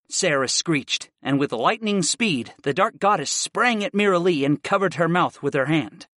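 Man, first-person audiobook narration, lively intonation, fairly high voice, dry close sound. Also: normal speed, hardly any pauses, dry recording.

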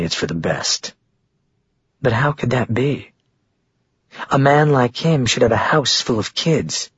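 A man narrating a romance novel in a steady, even storytelling read. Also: fairly low pitch, breathy edge, no echo, muffled recording. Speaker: audiobook narrator.

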